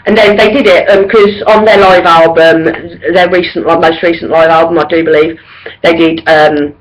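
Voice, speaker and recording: A woman's voice: mid-range voice, rough recording. A woman in her thirties in a casual to-camera vlog, gushing and rambling through a concert review with lots of ums and likes. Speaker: vlogger.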